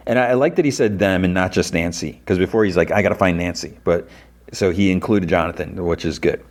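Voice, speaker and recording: A man hosting a podcast, casually retelling a TV episode scene by scene and quoting the characters in a raised voice. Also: a little mellow. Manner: retells scenes with quick quoted lines, pitching up for characters. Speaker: podcast host.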